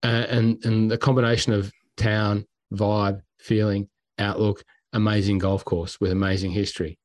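A man's voice: fairly low pitch, moderate pace, no room sound. Chatty Australian man telling stories. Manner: animated, acts out quotes and sounds. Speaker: podcast host. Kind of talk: casual storytelling.

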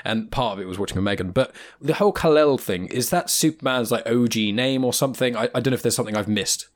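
Chatty podcast host, rambling. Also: male voice, mid-range voice, quick pace. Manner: rambling, self-deprecating, laughs often. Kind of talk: casual film podcast chat.

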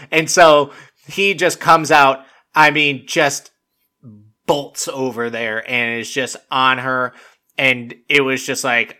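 Bright-voiced rambling young man. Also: medium pitch, lively intonation, measured pace. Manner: rambling, profane, full of "like" and laughter. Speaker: podcast host. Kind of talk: casual recap commentary.

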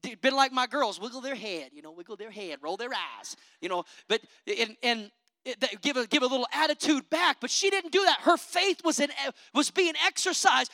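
High, bright-voiced impassioned preacher. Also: animated, moderate pace, no room sound. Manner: impassioned, calls out for amens; swings between loud declarations and low conversational asides. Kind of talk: sermon.

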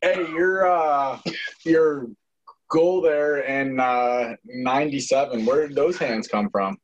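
A man hosting a casual podcast chat, reacting in a laid-back, drawn-out way. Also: medium pitch. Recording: dull, slightly noisy audio.

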